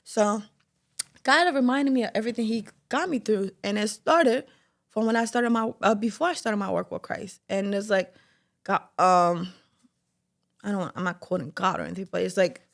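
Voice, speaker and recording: Candid young woman with gravelly fry. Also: medium pitch, normal speed. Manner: candid, lots of "like" fillers, animated quoting. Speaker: podcast host. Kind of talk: personal faith testimony, casual talk.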